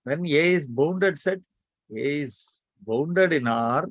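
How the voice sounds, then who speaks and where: Male math teacher, online lecture, coaxing and brisk, dry close-miked sound. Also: on the high side, lively intonation, dry recording. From India. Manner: coaxing students to answer quickly.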